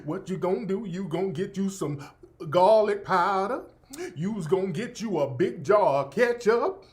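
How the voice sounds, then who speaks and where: A man voicing a sweet, folksy woman home cook who talks in a slow, sing-song drawl. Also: high voice, animated. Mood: syrupy.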